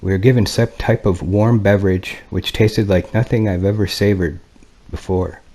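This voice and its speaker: A man reading a first-person flight log and diary in a measured, grave manner. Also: fairly low pitch, fairly even intonation, mellow. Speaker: narrator.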